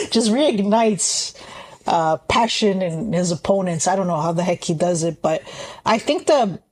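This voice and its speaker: A woman co-hosting a podcast, chatting casually and pausing on fillers as she gives her picks. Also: on the low side, animated, a little mellow. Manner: thoughtful, hesitant with fillers. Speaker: podcast co-host. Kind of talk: casual chat.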